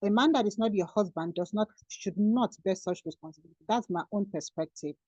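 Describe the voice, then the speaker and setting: A woman on a video call hammers home her points, repeating key words for emphasis. Her voice is dark and mellow. The audio is dry and a little dull. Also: medium pitch, brisk, no room sound. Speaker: panelist summing up a discussion. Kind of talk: online panel discussion.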